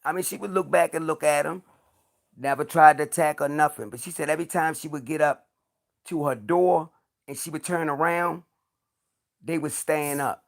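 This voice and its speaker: A man's voice: fairly high pitch, steady tone, normal speed, gravelly. A man talking casually about creature sightings, earnest and insistent, often repeating himself. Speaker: podcast host. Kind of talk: casual chat.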